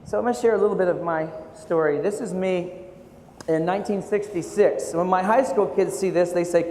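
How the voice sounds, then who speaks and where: A man in his forties giving a keynote talk to teachers, telling his story with animated, self-mocking humor. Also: high-pitched, fairly quick. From United States. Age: 40s. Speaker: keynote speaker and art educator. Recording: echoey hall, faint room noise.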